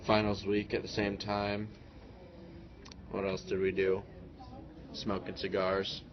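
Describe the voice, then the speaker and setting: A man's voice: sits low, completely flat delivery, slow pace. A young man giving laid-back birthday wishes to a friend. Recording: muffled with clear background noise.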